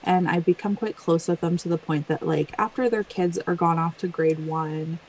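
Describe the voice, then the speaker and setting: A woman's voice: on the low side, normal speed, poor audio. Laughing Canadian woman telling stories. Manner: animated storytelling with frequent laughs. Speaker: author guest. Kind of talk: casual interview chat. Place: home, on a yoga wall.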